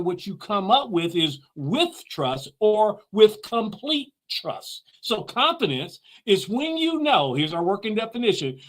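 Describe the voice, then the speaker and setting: A man with a notably high-pitched voice delivers a motivational talk. He speaks emphatically, asking questions and answering them himself, and drives home key phrases by repeating them. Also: a bit bright. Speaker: host.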